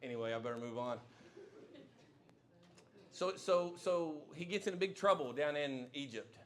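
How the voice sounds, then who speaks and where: A man's voice: fairly high pitch, expressive, measured pace. A man preaching a live sermon in a church, emphatic and folksy, repeating his key lines. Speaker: pastor. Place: church sanctuary, live service.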